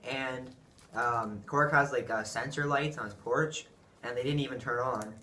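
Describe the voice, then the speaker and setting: A young man chatting casually in a halting way, repeating himself, as a YouTuber. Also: mid-range voice, pushed and bright. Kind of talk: casual storytelling chat. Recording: echoey room.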